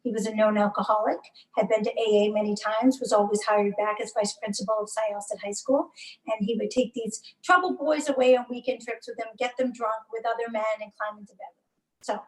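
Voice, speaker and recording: A woman's voice: on the high side, steady tone, fairly quick, recorded from a distance, low-quality recording. Earnest, emphatic woman guest, slightly off-mic. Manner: earnest and emphatic, with frequent fillers and restarts. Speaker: podcast guest. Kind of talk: candid interview conversation.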